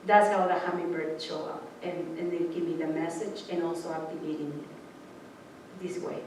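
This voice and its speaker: A woman's voice: low voice, normal speed, background noise. A woman speaking influenced English gives an informal sermon, telling spiritual stories and acting out voices with laughs. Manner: animated storyteller, acts out voices with laughs. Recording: echoey room from far off.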